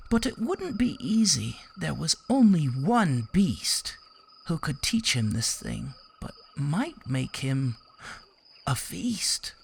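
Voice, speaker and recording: Woman reader for kids' picture books; unhurried, sing-song, chatty asides, some vocal fry. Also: low-pitched, sing-song, darkish tone, a little hiss or hum. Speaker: children's book reader. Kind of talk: reading a picture book aloud.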